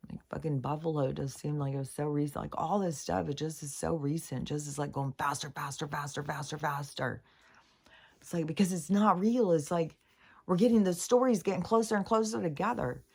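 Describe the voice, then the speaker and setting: A woman's voice: sits low, a little fast, vocal fry, a little mellow, slightly rough. A middle-aged woman talking through a meandering spiritual monologue, earnest and casual, with swearing and many fillers. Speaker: spiritual vlogger.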